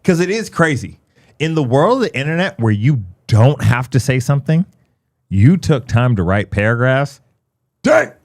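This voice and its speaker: A man's voice: mid-range voice, lively intonation, moderate pace. A man co-hosting a casual livestream talk show, teasing and laughing as he jokes around. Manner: joking, teasing, laughs often. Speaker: podcast co-host.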